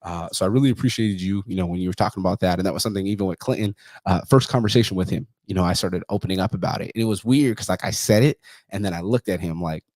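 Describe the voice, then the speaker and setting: A man's voice: deep voice, darkish tone, dry recording. A man in his thirties from California, hosting a podcast and telling personal stories in a profane, casual way, acting out the voices of people he quotes. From California, USA.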